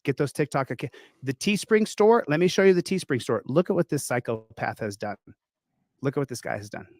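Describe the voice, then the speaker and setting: A man's voice: medium pitch, lively intonation, brisk, darkish tone, no echo. A man ranting indignantly on a stream, accusing and threatening someone. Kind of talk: angry live-stream rant.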